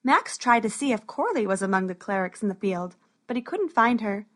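A woman narrating a storybook in a steady, even way. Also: medium pitch, brisk.

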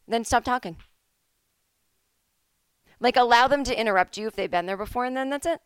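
A woman's voice: fairly high pitch, expressive, fairly quick, pauses often, smooth, no echo, clean studio sound. A woman hosting a podcast from home, telling comic stories in a casual monologue and acting out the people she quotes in shifting voices. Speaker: podcast host.

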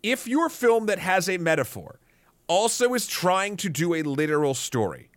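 A man's voice: sits high, sing-song, moderate pace, dry recording. A man co-hosting a film podcast, making his points casually with some hesitation. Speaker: podcast co-host.

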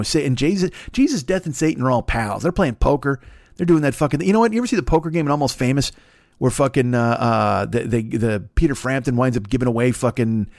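A man in his fifties talks alone into a plugged-in podcast mic at home, rambling and profane, with constant restarts and asides. His voice sits at an ordinary middle pitch. The sound is dry and close, with no room echo. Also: a little mellow. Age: 50s. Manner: rambling, profane, self-mocking, with many restarts and fillers. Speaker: podcast host. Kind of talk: solo late-night podcast rant. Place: home, at a desk with a laptop. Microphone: plugged-in podcast microphone.

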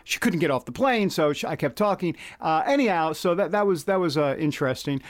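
Man, podcast host, somewhat high voice, animated and wry, casual commentary, studio mic. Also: brisk. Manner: animated, wry asides, rising emphasis on key words. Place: news studio.

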